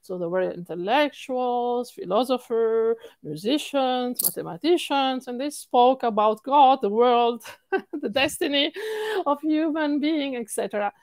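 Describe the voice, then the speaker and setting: Animated Italian-accented woman coach. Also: fairly high pitch, a little slow, no echo. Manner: animated, repeats words for stress, laughs often. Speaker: singing coach. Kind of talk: interview answers.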